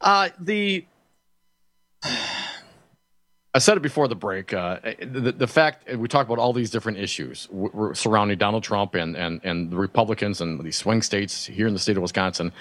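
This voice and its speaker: Stammering indignant radio talk host. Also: male voice, fairly low pitch, lively intonation, moderate pace, fairly bright tone, no room sound. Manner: stammering restarts, building indignation. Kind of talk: casual political chat. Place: radio studio. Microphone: studio microphone.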